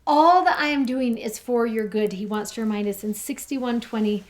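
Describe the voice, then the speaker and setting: A woman co-hosting a scripture study podcast, chatting enthusiastically and slowing down to read verses aloud. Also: fairly high pitch. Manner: enthusiastic, reads verses slowly and warmly. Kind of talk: casual scripture discussion.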